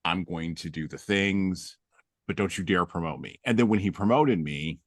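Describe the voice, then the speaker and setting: Podcast host, male, very low voice, dry close sound, humorous storyteller. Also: normal speed, dry recording. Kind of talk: casual conversation.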